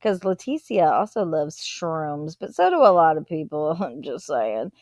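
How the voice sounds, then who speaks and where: A woman's voice: low-pitched, lively intonation, a little slow, a little mellow, no room sound, clean studio sound. Chatty woman hosting a live stream. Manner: reads viewer comments aloud and answers them chattily. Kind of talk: casual live-stream commentary.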